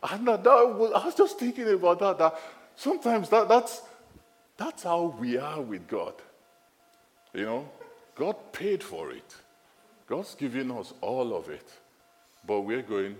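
A man with a Nigerian accent preaching a sermon in a church, lively and animated, often repeating his phrases. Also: moderate pace, in a large hall. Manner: lively, animated, repeats phrases, rises high when excited.

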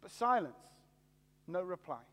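High-voiced pastor preaching in a reverberant hall. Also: male voice, very animated, bright, forceful tone. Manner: earnest, deliberate preaching with slow dramatic pauses. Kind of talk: sermon.

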